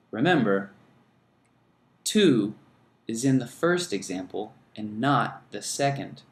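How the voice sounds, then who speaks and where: A man teaching an English lesson, speaking slowly and deliberately and modelling phrases for learners to repeat. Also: lowish voice, animated, roomy sound. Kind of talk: scripted lesson narration.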